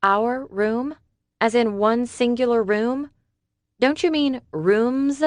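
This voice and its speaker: A woman voicing a frightened young woman on the run, her voice raised high and breathless with worry, for an audiobook. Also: normal speed, no echo, natural voice. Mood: guarded.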